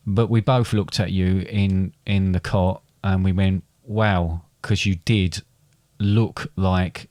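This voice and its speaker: Low-voiced middle-aged man, rambling chat. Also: flat delivery, darkish tone, no echo, clean studio sound. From England. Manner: rambling, halting with many restarts and fillers. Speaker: podcast co-host, father. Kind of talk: casual chat.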